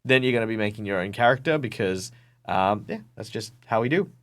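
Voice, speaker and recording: A man's voice: on the low side, expressive, fairly quick, fairly bright tone. A man with an Australian accent, a professional game master, talking over a video call as an interview guest, telling stories animatedly with many ums and restarts. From Perth, Western Australia. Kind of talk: casual interview talk.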